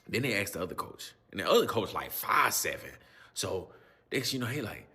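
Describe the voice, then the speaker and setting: Husky guy in his twenties ranting a story, voice jumps all over, lots of slang. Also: on the low side, normal speed. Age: 20s. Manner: animated, exasperated, slangy storytelling. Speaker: youth coach. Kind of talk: storytelling in casual chat.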